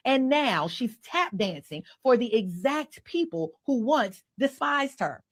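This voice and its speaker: A woman speaks in a played clip, criticizing in a cutting, disdainful tone. Her voice is fairly high. The sound is close and dry, with no room echo. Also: very animated, unhurried. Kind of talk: critical commentary.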